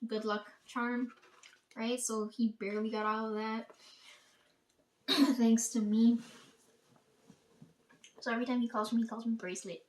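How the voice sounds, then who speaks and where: Vlogger, female, a touch higher pitched, loose and profane storyteller who keeps checking in with "right?". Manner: profane, rambling, peppered with "like" and "right?". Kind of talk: casual storytelling.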